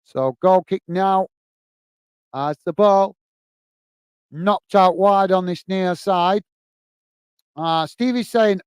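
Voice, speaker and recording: A man's voice: high voice, slow, long pauses, smooth, no echo. A man hosting a live football watch-along from home, commentating on the match and chatting with viewers, laughing often. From England.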